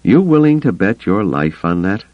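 A man voicing a gruff, sardonic middle-aged smuggler pilot who growls his blunt remarks, in an audiobook. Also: fairly low pitch, sing-song, moderate pace, no echo, phone-quality sound, pitched above the performer's own voice. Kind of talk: audiobook character voice.

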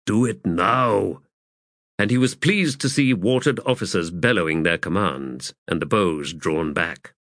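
A man reading a war novel aloud as an audiobook narrator, in measured, steady storytelling. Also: sits low, dry recording, clean studio sound. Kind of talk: scripted narration.

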